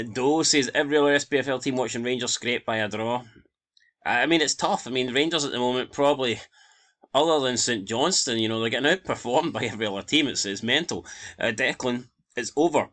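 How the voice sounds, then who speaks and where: Bright-voiced Scottish man, blunt and sweary. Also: medium pitch. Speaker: football channel host. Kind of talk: casual reaction commentary reading comments.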